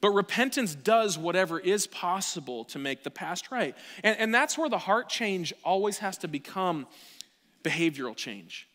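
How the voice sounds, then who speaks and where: A fairly high-pitched man in his thirties preaching a sermon with a bright, forceful tone. He swings from quiet asides to near-shouts. His voice rings through the long reverb of a church hall. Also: animated, normal speed. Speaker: pastor. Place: church sanctuary.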